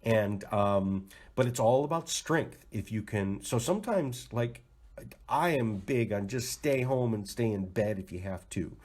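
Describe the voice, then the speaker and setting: A man's voice: on the low side, expressive, measured pace, darkish tone. A middle-aged man hosting a health advice show, talking in a loose, rambling way with lots of laughs and fillers. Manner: loose, chatty, laughs a lot, many fillers. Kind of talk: casual rambling monologue.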